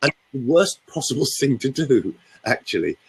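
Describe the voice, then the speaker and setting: An older man coaches listeners on using their voice. His delivery is theatrical and instructive, with a lively melody. A faint huskiness sits under it. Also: medium pitch, moderate pace, slightly rough, low-quality recording. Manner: theatrical, explanatory, demonstrates with his own voice. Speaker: voice coach guest. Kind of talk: radio studio voice coaching demonstration.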